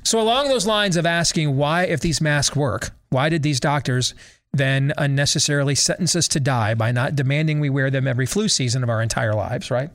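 A man's voice: mid-range voice, fairly quick, a bit bright. An American man hosting a talk show, delivering a sarcastic monologue full of rhetorical questions and leading questions to his co-hosts. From United States.

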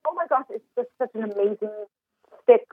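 An enthusiastic woman chef explains cooking tips in long run-on stretches. Her slightly high voice comes through a thin, tinny phone line with no room sound at all. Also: lively intonation, a little fast, no room sound. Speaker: chef and recipe developer. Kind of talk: casual podcast interview.

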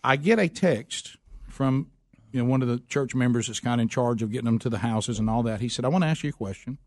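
A man's voice: medium pitch, fast, no room sound, clean studio sound. A man with a Southern US accent hosting a casual chat, telling stories in a rambling, folksy way and laughing often. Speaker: host.

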